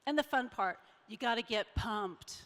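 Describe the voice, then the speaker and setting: A woman's voice: fairly high pitch, moderate pace, a bit bright. A middle-aged woman giving a conversational, emphatic talk on public speaking as a keynote speaker at a summit. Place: large event hall. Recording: reverberant conference hall.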